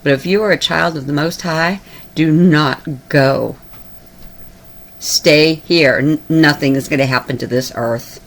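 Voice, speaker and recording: This online video preacher, a woman with a low, slightly slow voice, addresses her viewers urgently and personally. She keeps repeating herself and grows tearful and emotional.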